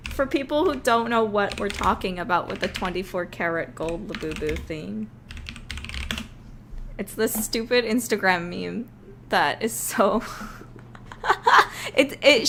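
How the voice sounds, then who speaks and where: A woman rambles on a live stream as she works, often breaking into giggles between her thoughts. Her voice sits at an ordinary middle pitch. Faint keyboard typing and a soft hiss can be heard behind her. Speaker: game developer streaming live. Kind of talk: casual live-stream chat.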